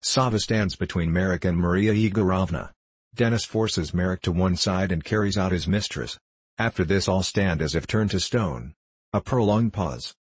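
A man reads a play's stage directions in a plain, measured voice. His voice is very low and husky. The sound is dry and close. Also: dry recording. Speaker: narrator. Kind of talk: reading stage directions of a play.

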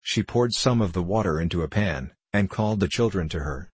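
Deep, husky male audiobook narrator. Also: lively intonation, a little fast, no room sound. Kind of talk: scripted narration of a novel.

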